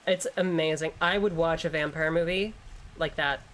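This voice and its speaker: A woman's voice: deep voice, steady tone, normal speed, fairly bright tone, a little hiss or hum. A woman streamer giving casual gameplay commentary, rambling, joking and swearing freely. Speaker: gaming streamer.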